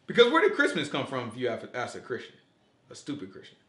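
Animated man preaching in an echoey room. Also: medium pitch, fast. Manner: animated, asks the group questions, repeats "you know what I'm saying". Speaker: teacher leading a Sabbath study. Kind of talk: casual preaching to a small group.

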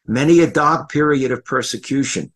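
A man's voice: medium pitch, moderate pace, a bit bright, slightly rough, poor audio. An older man, a rabbi, giving an earnest Torah lecture, retelling stories and repeating key phrases for emphasis.

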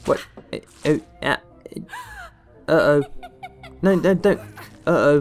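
A man's voice: on the high side, animated, moderate pace, long pauses, a little mellow. A man giving casual, jokey commentary over a video game, rambling and talking back to the characters on screen. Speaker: gaming channel host. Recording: faint game music behind the voice. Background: faint game music.

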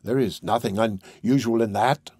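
A man reading a calm soothing gentleman. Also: on the low side, slightly rough, no echo, clean studio sound. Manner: measured, soothing. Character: kindly older gentleman, calm and reasoning.

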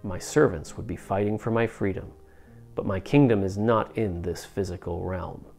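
A man reading a calm, measured teacher figure. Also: low-pitched, gravelly, soft background music.

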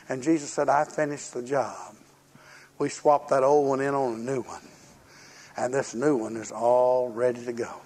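A man's voice: mid-range voice, vocal fry, a little mellow, breathy edge. An older man preaching a sermon in a folksy, storytelling way, acting out the voices of people in his stories.

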